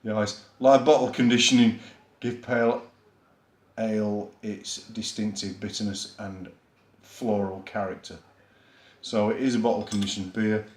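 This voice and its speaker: A man's voice: fairly low pitch, steady tone, a little slow. A man with a Yorkshire accent giving a chatty, rambling, self-deprecating beer review on his vlog, with plenty of fillers. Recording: echoey room.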